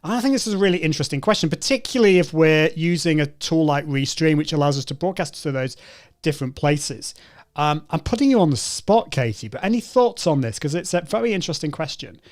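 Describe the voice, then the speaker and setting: Male host, slightly high voice, friendly and chatty. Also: animated, fast talker. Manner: friendly, chatty, reads viewer comments. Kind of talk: casual live-stream chat.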